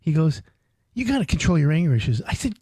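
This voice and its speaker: A man in his fifties hosts a radio talk show, his pitch climbing and diving as he acts out stories with sudden loud outbursts. His voice sits a little high for a man, close and dry on a studio mic. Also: fast, breathy edge, dry recording. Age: 50s. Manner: animated storyteller, loud bursts, reads phone number. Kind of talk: casual radio chat.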